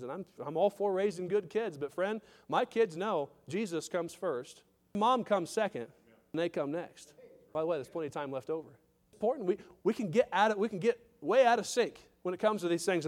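A man pastor preaching a sermon, emphatic, with repetitions and direct questions to the congregation. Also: sits high.

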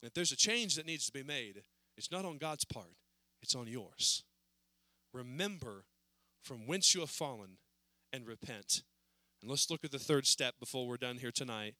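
Bright-voiced earnest male preacher. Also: animated, moderate pace, dry recording. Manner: earnest, rising to pleading then dropping low. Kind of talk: sermon. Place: church service.

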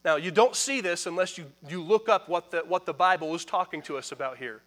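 A male pastor preaching with a high, ringing voice. His delivery is emphatic, darting between hurried asides to the congregation and drawn-out, forceful declarations. He calls out for responses from the pews. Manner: emphatic preaching that swings from quick asides to loud pronouncements. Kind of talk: sermon.

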